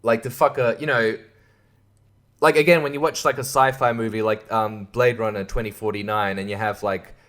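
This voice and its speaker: A young man hosting a solo podcast, rambling, swearing and laughing, sliding from mumbles into loud outbursts. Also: on the low side, fairly even intonation, normal speed. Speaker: podcast host.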